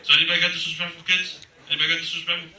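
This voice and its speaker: A man's voice: fairly high pitch, flat delivery, very fast, pushed and bright. A man from Massachusetts doing a crude stand-up comedy set, joking with the crowd from a club stage. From Massachusetts, USA. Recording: echoey club, far from the mic, noisy.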